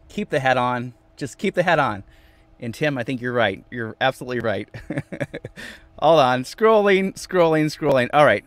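A man's voice: medium pitch, animated, moderate pace, dry recording. A man hosting a casual live stream from inside his van, reading viewer comments aloud and repeating phrases playfully. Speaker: vanlife livestream host.

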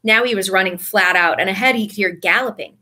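A woman reading a story aloud with expressive narration. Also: mid-range voice, fast. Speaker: audiobook reader.

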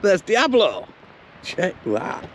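A man's voice: high voice, huge pitch swings, slow pace. A middle-aged man with a Yorkshire accent chatting casually while driving his truck, swearing now and then. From Yorkshire, England. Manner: chatty, swears casually, sings snatches of songs. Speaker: truck driver vlogger. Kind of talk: casual driving vlog chat. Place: in a truck cab and outdoors at a lake. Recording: loud road and wind noise.

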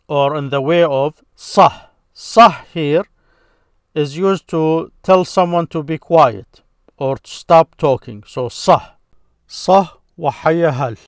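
A man teaching Arabic grammar in a slow, patient way, explaining a point step by step. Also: on the high side, smooth, no room sound, clean studio sound. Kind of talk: explanatory lesson.

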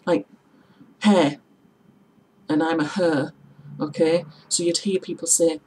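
A woman's voice: low-pitched, fairly even intonation, slow pace, long pauses, a little mellow, slight background noise, low-quality recording. A woman from Middlesbrough with a Teesside accent, chatting casually in a tag video and explaining local words with examples and spellings. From Middlesbrough, England. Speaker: vlogger.

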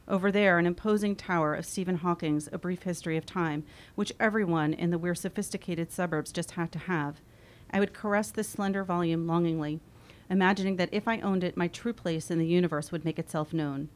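A woman in her forties reading her own memoir aloud, wry and expressive. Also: lowish voice, a little fast. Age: 40s. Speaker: author.

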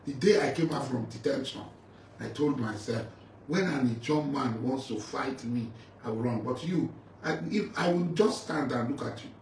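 A man's voice: mid-range voice, moderate pace, a little mellow. Man, Nigerian English accent, middle-aged, confrontational and mocking, mic set back, echoey room, faint hiss behind. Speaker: militant leader addressing a rival. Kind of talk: angry video rant. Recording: roomy, distant mic with faint ambient noise.

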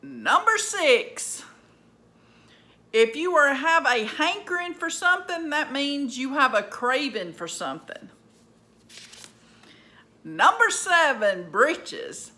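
A woman with a Southern US accent, a vlogger casually running through a list of words in a slow, plainspoken drawl. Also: high-pitched, big pitch swings, pushed and bright.

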